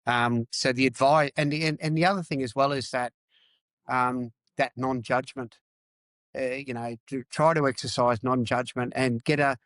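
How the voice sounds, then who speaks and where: Middle-aged man from Australia, candid and emphatic podcast guest, mid-pitched, dry recording. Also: a bit bright, dry recording. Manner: emphatic, repeats phrases, swears. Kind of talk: candid interview talk.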